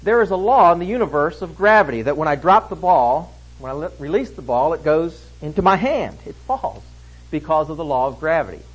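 A man preaching an expository sermon, emphatic, swinging between loud stresses and hushed lines. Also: fairly high pitch, sing-song, brisk, breathy edge, rough recording.

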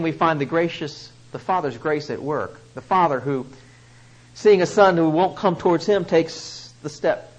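A male preacher giving an emphatic sermon, swinging between loud stresses and soft asides. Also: mid-range voice, low-quality recording.

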